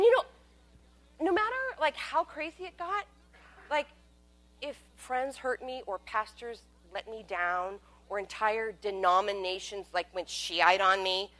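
A woman telling a personal story as a monologue, wry and candid, swinging between loud bursts and hushed asides. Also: on the high side.

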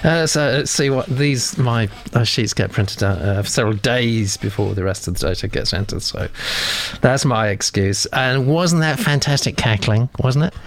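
Gravelly-voiced guy hosting, chatty n rambly, reads out comments. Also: mid-range voice, normal speed, slight background noise. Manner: rambling, filler-heavy, self-deprecating. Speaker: host of a writing critique show. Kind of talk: casual chat, reading out listener comments.

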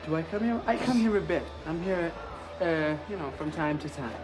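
A man's voice: a little high, animated, lightly acted. A man playing a cocky Boston bluffer. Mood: bluffing. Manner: halting, bluffing, trying to sound smart. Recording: film audio with music underneath.

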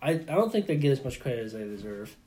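A man's voice: mid-range voice, sing-song, quick pace, dark tone. A young man co-hosting a casual podcast chat, hesitant and searching for words as he talks. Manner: hesitant, many fillers and trailing phrases. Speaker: podcast co-host.

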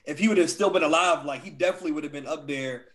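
A man's voice: a little high, rapid-fire, fairly bright tone. A young man chatting casually as a podcast co-host, laid-back and slangy. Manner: laid-back slangy talk, says "dog" a lot. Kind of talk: casual chat.

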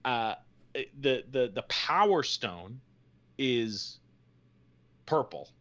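Chatty male co-host who jokes and rambles, average pitch, slightly lo-fi recording. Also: very animated, very slow, a bit bright. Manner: rambling, jokey, full of fillers. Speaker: podcast co-host. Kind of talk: casual chat.

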